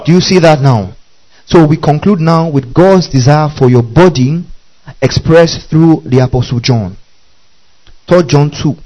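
A male pastor preaching a sermon with call-and-response, building to forceful exhortation. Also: a little high, unhurried, low-quality recording.

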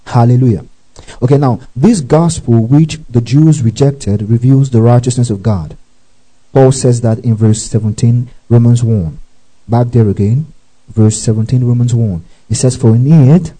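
A man preaches a teaching sermon, reading scripture aloud with asides, often asking whether listeners follow and breaking into exclamations of praise. His mid-range voice is warm at a moderate pace, and the recording is low quality.

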